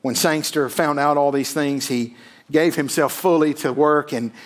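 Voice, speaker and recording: A male pastor preaching a sermon, emphatic, swelling loud and then dropping almost to a hush, often checking in with "right?". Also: fairly high pitch, steady tone, measured pace.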